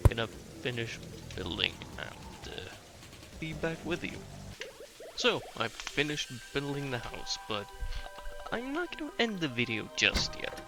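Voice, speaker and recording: Male gaming host, slow, animated delivery, casual explainer with fillers. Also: fairly high pitch, creaky. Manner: rambling, explains step by step with fillers. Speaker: gaming YouTuber. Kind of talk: casual gameplay commentary. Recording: loud background game music.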